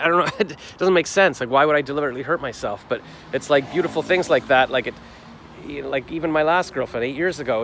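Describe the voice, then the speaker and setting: Man, 40s, vlogger, rambling reflective day recap, mid-pitched, faint street noise outside. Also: a bit bright. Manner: rambling, reflective, with many fillers and restarts. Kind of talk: casual daily vlog recap.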